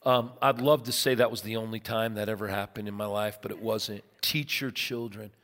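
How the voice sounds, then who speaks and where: A man's voice: on the low side, normal speed. A pastor in his fifties preaching a sermon, telling a personal story with acted-out voices. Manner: animated storyteller, acts out voices. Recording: long reverb in a large hall.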